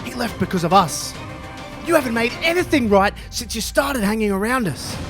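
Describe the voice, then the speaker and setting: A man's voice: very high voice, lively intonation, moderate pace, music in the background. A man voicing an irritated male tag-team wrestler, curt and dismissive. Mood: annoyed.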